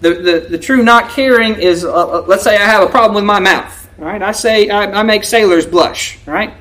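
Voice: mid-range voice, moderate pace, few pauses, fairly bright tone. Folksy preacher checking in with listeners. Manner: folksy, keeps asking "right?" to check in with listeners; acts out quoted prayers and remarks in a raised voice. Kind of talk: conversational sermon.

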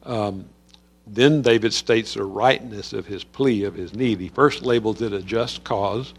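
Gravelly man teaching the Psalms. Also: lowish voice, unhurried. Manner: conversational, with many fillers and restarts. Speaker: Bible teacher. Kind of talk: Bible study teaching.

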